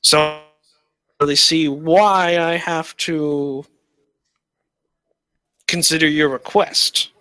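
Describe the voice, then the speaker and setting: Man voicing large orc chief, British accent, formal, slow, bright. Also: a little high, fairly even intonation. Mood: dignified. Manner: formal, measured. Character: large refined male orc chieftain, proud.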